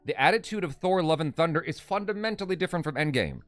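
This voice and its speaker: A man's voice: a little high, lively intonation, fast, dry recording. A man co-hosting a casual live stream, reading viewer comments aloud and reacting. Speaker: co-host reading live chat.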